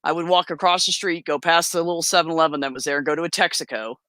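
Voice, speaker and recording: A woman guest tells stories in a casual conversation, animated and laughing often while acting out the voices of the people she quotes. Her voice sits low and she talks fast, captured in a dry, clean studio recording.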